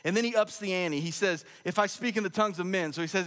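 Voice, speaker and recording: A man's voice: high voice, quick pace, a bit bright. A man in his thirties preaching a sermon as pastor, mixing scripture with funny family stories in a conversational way. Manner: conversational, humorous storytelling preacher. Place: church sanctuary. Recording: long echo of a large church hall.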